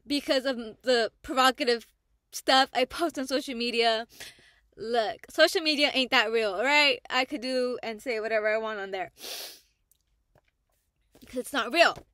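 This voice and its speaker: A woman vlogger giving a casual, heartfelt personal testimony about her faith, in a slangy style with pauses and restarts. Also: a little high, bright, forceful tone, no echo, studio quality. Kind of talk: candid personal testimony to camera.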